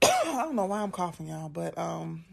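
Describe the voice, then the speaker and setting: A woman's voice: on the low side, sing-song, normal speed, creaky, background noise. A young woman, a content creator and podcast host, talking in an emphatic, casual monologue, often saying "like" and "right?". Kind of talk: casual direct-to-camera monologue.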